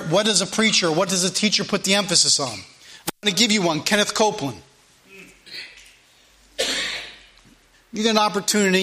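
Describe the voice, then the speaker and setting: A man preaching a sermon, reading King James scripture slowly and emphatically. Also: high-pitched, bright, forceful tone. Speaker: pastor.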